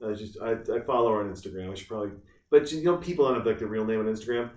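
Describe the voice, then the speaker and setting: A man's voice: on the low side, rapid-fire, recorded from a distance. A man chatting casually on a podcast, telling stories and acting out the people he quotes. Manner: animated storyteller, acts out quoted voices. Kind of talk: casual chat. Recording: roomy echo, off mic.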